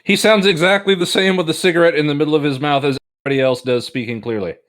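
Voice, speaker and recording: A man co-hosting a comedy podcast, cracking jokes and quick asides as he riffs on an old movie alongside a friend. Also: on the high side, a bit bright. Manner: joking, quick asides, laughs often. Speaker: podcast co-host. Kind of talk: casual movie riffing commentary.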